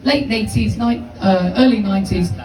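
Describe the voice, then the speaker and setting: A man tells a rambling stand-up story full of swearing. His voice is mellow and dark. He sounds far off in an echoey room. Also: sits high, moderate pace. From United Kingdom. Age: 50s. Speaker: stand-up comedian. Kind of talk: live stand-up comedy. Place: small comedy venue with audience. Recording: distant, echoey live room.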